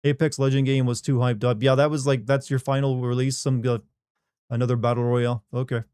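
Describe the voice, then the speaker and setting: A man's voice: medium pitch, flat delivery, fairly quick, darkish tone, smooth, no room sound, studio quality. A man hosting a livestream, chatting casually and wryly, rambling while he reads chat aloud. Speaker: livestream host. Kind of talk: casual post-stream chat.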